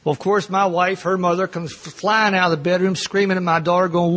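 A man's voice: high voice, steady tone, brisk, fairly bright tone. Earnest middle-aged man telling his story. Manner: earnest and self-mocking, often laughing. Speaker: speaker at a recovery meeting. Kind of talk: personal storytelling talk.

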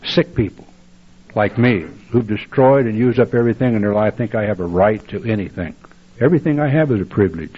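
A man's voice: lowish voice, fairly quick, husky. An older man telling his recovery story at a meeting, wry and blunt and plainspoken. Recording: dull lo-fi tape.

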